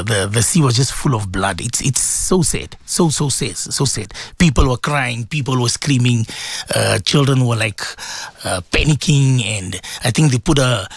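A man's voice: medium pitch, slightly rough, no echo, studio quality. A man hosting a religious radio talk show, rambling and repeating words as he chats with a co-host.

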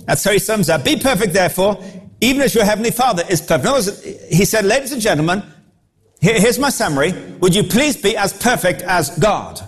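A man with a high, light voice delivers a sermon to a congregation. He is animated and leans into the scripture he cites, slipping into other voices when he quotes people. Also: quick pace, breathy edge. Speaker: preacher.

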